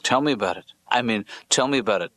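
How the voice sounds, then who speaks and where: An actor voicing a weary middle-aged therapist and father who talks in a soft, halting, deadpan way. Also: mid-range voice, dry recording, lightly acted.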